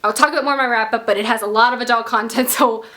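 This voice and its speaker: A young woman from the United States, a book vlogger talking casually and excitedly, gushing with lots of "like" fillers. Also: a little high, very fast. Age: young adult. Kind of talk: casual book haul chat.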